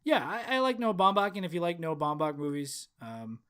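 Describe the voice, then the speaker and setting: Man, slightly higher voice, rambling podcast co-host talking movies. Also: very animated, brisk, pushed and bright, smooth. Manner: rambling, many fillers and restarts. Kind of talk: casual podcast chat.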